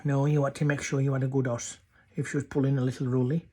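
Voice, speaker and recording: A man's voice: medium pitch, level tone, fast, dark tone. A man with a North Yorkshire accent telling rambling dialect stories. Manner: rambling, chatty. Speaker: dialect storyteller.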